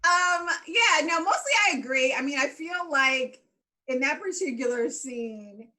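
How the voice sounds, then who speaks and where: A woman co-hosting a casual show recap, animated and laughing often as she acts out her reactions. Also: high-pitched, measured pace. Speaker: podcast co-host.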